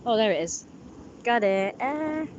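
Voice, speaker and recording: A woman's voice: a little high, animated, unhurried, darkish tone, dull audio. A young woman, vlogging by a pond. She chats casually, giggles often and talks to the birds as she goes. Faint outdoor noise runs behind her voice. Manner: chatty, giggly, talks to the ducks. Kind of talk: casual vlog chat.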